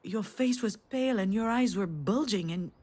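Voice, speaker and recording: A woman plays a mother in a story game recounting a cherished memory. Her mid-range voice is warm and narrative, sometimes lifting with feeling. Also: mid-range voice, moderate pace, lightly acted. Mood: tender. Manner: warm storytelling, rising to excited cries. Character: tender mother remembering a family trip. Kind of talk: video game voice acting.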